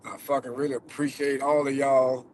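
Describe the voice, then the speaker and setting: A man's voice: medium pitch, flat delivery, normal speed, a little hiss or hum, poor audio. A man vlogging to his viewers from a car as he drives, loose and profane, and holding back tears. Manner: loose and profane, many fillers. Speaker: vlogger who catches predators. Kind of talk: casual vlog talk to viewers. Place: in a car while driving.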